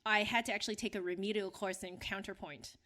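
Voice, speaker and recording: Bright-voiced chatty young woman. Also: medium pitch, fairly even intonation, fast talker. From Canada. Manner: chatty, many fillers and restarts. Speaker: podcast co-host. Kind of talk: casual podcast chat.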